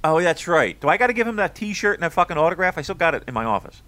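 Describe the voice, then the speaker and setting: An American man co-hosting a wrestling podcast in a casual chat, excitable and joking, cursing now and then. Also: fairly high pitch, racing. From United States. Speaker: podcast co-host.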